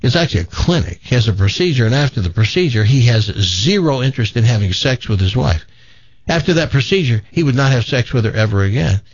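Gravelly radio host telling a folksy joke. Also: male voice, medium pitch, lively intonation, fast talker, dry recording, muffled recording. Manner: folksy storyteller doing character voices.

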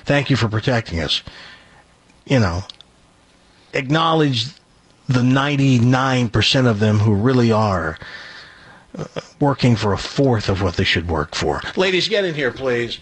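A male radio host tells a story in a folksy, chatty way. His voice is husky and animated. The studio sound is dry and close. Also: medium pitch, unhurried, long pauses, no room sound. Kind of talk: telling a joke on morning radio.

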